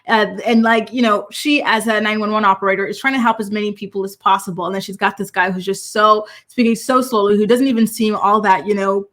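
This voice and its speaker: A woman's voice: mid-range voice, fairly bright tone. A woman hosting a reality TV gossip commentary, chatty and opinionated, with lots of fillers and restarts. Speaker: host.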